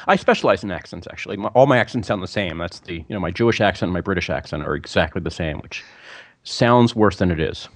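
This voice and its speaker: A man co-hosting a podcast in casual chat, making quick self-mocking jokes. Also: sits low, expressive, no room sound. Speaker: podcast co-host.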